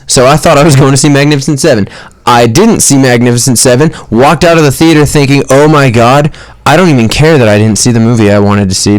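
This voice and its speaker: A young man co-hosting a podcast, talking about films in an animated, rambling way with lots of restarts. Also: medium pitch, clean tone, no echo. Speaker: podcast co-host. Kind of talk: casual movie chat.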